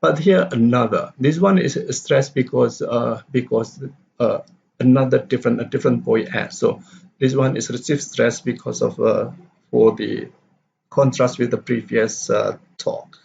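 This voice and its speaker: Husky man lecturing on stress. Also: mid-range voice, steady tone, darkish tone. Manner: halting, many fillers and restarts, reads example sentences aloud. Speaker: English teacher. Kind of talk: explanatory lecture on stress and intonation. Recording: dull lo-fi recording.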